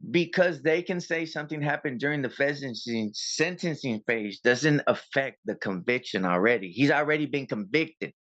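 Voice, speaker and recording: A man appearing as a copwatcher guest in an interview tells a story casually and with animation, playing out both sides of an argument. His pitch is fairly high, and the audio sounds dull.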